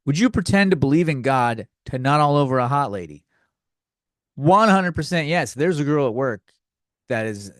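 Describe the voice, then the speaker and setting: A man rants his way through a comedy podcast, crude and sarcastic, tripping over restarts as he rambles. His voice sits at an ordinary middle pitch, recorded close and dry with no room sound. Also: no room sound. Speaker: podcast host.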